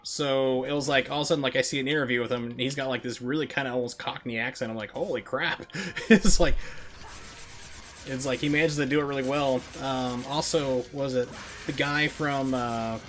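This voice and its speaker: A man's voice: mid-range voice, steady tone, brisk, a bit bright. A young man chatting casually and rambling while he plays through a speedrun on a live stream. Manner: rambling, heavy on "like" fillers.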